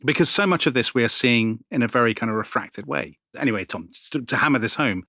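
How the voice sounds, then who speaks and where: A man co-hosting a history podcast, telling stories in an animated way and laughing often. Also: medium pitch, quick pace, gravelly, no echo, studio quality. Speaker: podcast co-host. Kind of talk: conversational history chat.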